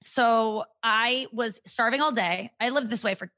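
A woman's voice: on the high side, a little slow, sharp tone, dry recording. A woman in her thirties, a comedian guest on a podcast, talking candidly in a frank, profane and self-mocking way.

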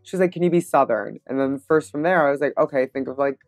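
A woman guest on a podcast, telling stories with confident, animated energy. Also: very deep voice, no room sound, studio quality, faint music behind. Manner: animated, confident, quick laughs. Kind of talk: casual interview storytelling.

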